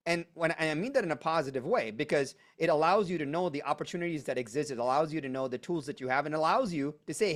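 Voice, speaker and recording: A man presenting a live online coaching workshop, emphatic and energetic, driving points home with punchy repetition over a video call. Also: fairly high pitch, fast.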